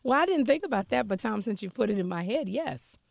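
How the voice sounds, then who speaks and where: A woman co-hosting a casual talk show, telling stories with lively acted-out voices. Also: a little high, fast, creaky, dry recording, studio quality. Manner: animated storyteller, acts out quoted voices. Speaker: co-host. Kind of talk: casual chat.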